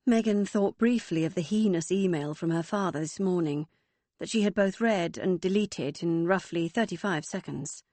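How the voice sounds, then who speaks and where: A woman narrating a novel audiobook in a steady, even storytelling voice. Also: on the low side, moderate pace, no room sound. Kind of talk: scripted narration.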